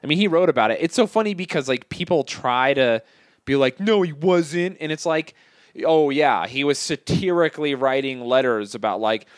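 A man's voice: mid-range voice, expressive, normal speed, no room sound. Profane, rambling man in dry close-mic chat. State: has the hiccups. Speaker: podcast co-host. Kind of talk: casual crude comedic chat.

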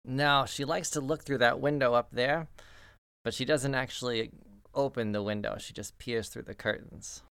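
A man running a tabletop game as game master, relaxed and dry. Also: medium pitch, normal speed, vocal fry, smooth, no room sound.

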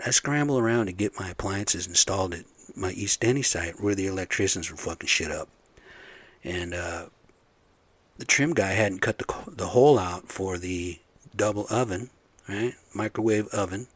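This construction site supervisor has a low, slightly bright voice and talks at a moderate pace in a dry recording. Fed up, he swears and speaks bluntly in a casual to-camera rant about careless workers.

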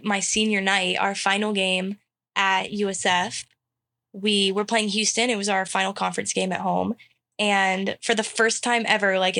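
A young woman in her twenties chats as an interview guest. She tells her stories in a lively way, often laughing and putting on the voices of other people. Her voice sits at an ordinary pitch for a woman. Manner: animated, acts out quotes, laughs often. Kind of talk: casual interview storytelling.

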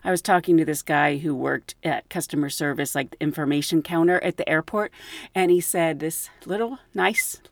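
A woman flight attendant telling travel stories in a casual, animated way, laughing often. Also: low-pitched, moderate pace, creaky, no echo. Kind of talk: casual storytelling.

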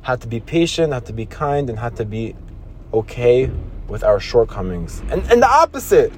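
A man's voice: medium pitch, sing-song, normal speed, darkish tone, a little hiss or hum. A man hosting a motivational podcast, talking earnestly with lots of restarts and repeated phrases. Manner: earnest, repetitive, with many restarts; acts out scolding voices in quotes. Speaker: podcast host.

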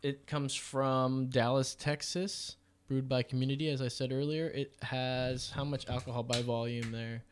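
A man's voice: mid-range voice, little pitch movement, moderate pace, a little hiss or hum. A man hosting a casual podcast, upbeat and jokey, often saying "that's right.". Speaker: podcast host.

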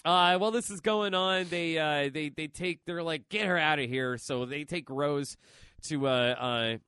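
A man's voice: on the high side, unhurried, pushed and bright, smooth, dry recording, studio quality. A man hosting a podcast, casually recapping a comic story, rambling with lots of fillers and swearing. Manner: rambling, profane, filler-heavy. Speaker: podcast host.

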